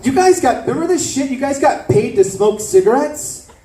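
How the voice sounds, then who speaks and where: A man from South Florida doing stand-up, his voice sitting high and bright above the usual male range. He rattles off brash, profane riffs with quick asides to the crowd. The sound is roomy and caught from a mic some distance off on a club stage. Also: expressive, slight background noise. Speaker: stand-up comedian. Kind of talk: stand-up set.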